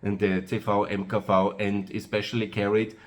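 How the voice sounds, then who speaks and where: A man with an Austrian-accented English voice that sits a little low. He talks in an unscripted, rambling way, pausing on "uh" and circling back to repeat himself. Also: flat delivery. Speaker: host of his own video channel. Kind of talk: monologue to camera.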